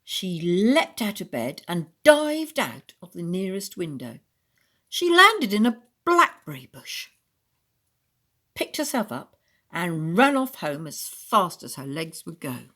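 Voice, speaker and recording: A woman reading a children's story aloud in an expressive storytelling manner. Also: lowish voice, slow pace.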